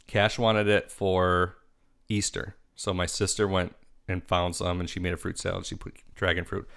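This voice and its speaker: A man co-hosting a podcast, telling stories in casual chat with a dry, deadpan humor. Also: deep voice, normal speed, gravelly, smooth. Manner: dry storyteller, deadpan jokes. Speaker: podcast co-host.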